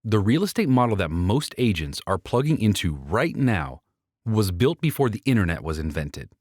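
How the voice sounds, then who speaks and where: A man's voice: on the low side, very animated, moderate pace, a little mellow, no room sound, studio quality. A man reading his own book aloud as an audiobook, persuasive and speaking straight to the listener. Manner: persuasive, addresses the listener directly. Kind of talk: audiobook narration.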